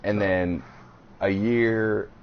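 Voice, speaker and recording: A man's voice: lowish voice, steady tone, drawn-out words. A man in his thirties co-hosting a podcast, telling a crude, rambling story in casual chat. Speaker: podcast co-host. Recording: slightly dull podcast audio with faint hiss.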